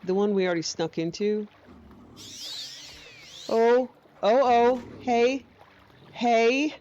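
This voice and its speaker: A gameplay streamer offers playful, casual commentary, cooing baby talk at her companion and making teasing jokes at her own expense. Her voice is on the high side, slow and dark in tone. The recording is muffled, with slight background noise.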